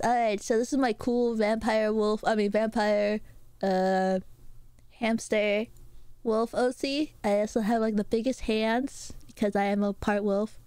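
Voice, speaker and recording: A woman streamer chatting casually with her viewers while drawing, playful and rambling, with many filler pauses. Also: fairly high pitch, fairly even intonation, darkish tone, clean tone, no echo.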